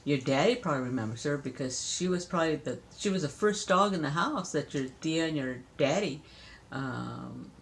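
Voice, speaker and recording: Older woman, grandmother teaching a grandchild, playful and chatty, lively swooping pitch, laughs easily. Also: normal speed, a little hiss or hum. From Southern California. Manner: playful, chatty, laughs often, imitates animal sounds. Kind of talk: casual spoken lesson to a child.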